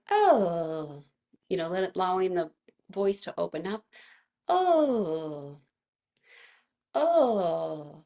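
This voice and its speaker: A gentle, talkative woman laughs her way through a casual live movement class online. Her mid-range voice comes out gravelly and slightly froggy from vocal fatigue.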